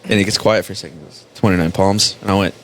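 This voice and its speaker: A man's voice: sits low, fairly even intonation, rapid-fire, a bit bright, slight background noise. A man, a former Marine, telling a story in a casual chat, swearing freely and laughing often. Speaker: podcast host, former Marine.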